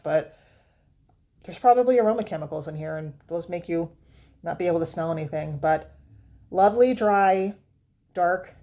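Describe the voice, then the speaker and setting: A woman's voice: fairly low pitch, dark tone, a little hiss or hum. A woman vlogger chatting casually about perfumes, rambling with fillers and restarts. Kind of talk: casual chat.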